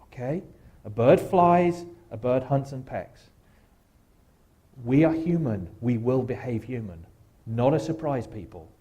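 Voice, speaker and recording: A guest speaker at a church, a man, talks his listeners through a slow reflective exercise. His voice is mellow and dark, with a wry, gentle humor at a middling pitch. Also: lively intonation, a little hiss or hum. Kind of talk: guided reflection talk at church. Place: church sanctuary.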